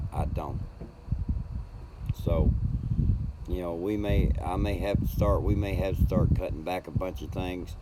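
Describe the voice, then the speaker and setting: An older man, chatting casually and rambling warmly with viewers on his home livestream. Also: deep voice, very noisy. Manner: folksy, rambling, greets chat by name. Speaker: livestream host.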